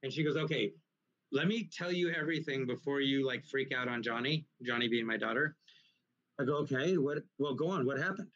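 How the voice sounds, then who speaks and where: A man's voice: mid-range voice, a little fast. A man who works as a comedian telling rambling, profane stories in a casual live interview. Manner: rambling, profane, animated anecdotes. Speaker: guest comedian. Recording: muffled, lo-fi recording.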